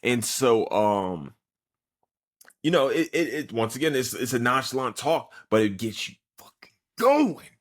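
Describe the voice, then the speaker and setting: A man's voice: medium pitch, unhurried. A man hosting a podcast, giving a casual, profane, rambling recap of an anime episode with frequent restarts. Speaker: podcast host.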